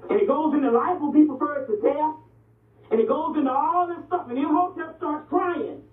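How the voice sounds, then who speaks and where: At normal speed, a man with a very high-pitched voice lectures on ancient Egyptian history and religion in an animated, street-talk way. He's blunt and profane, often stopping to ask "you see what I'm saying." The audio is distant, echoey and phone-like.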